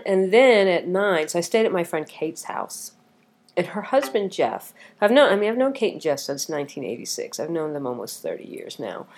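Sounding tired and a little coughy, this middle-aged vlogger rambles through a casual chat full of ums and restarts. Her voice is fairly low with a darkish tone.

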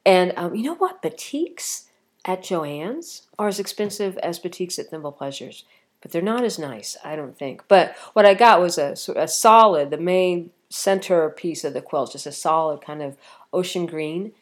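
Middle-aged woman, casual vlog chat, low voice, rambling and tired. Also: expressive, normal speed. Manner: chatty and rambling, with many ums and restarts. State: tired with a cough. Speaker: vlogger.

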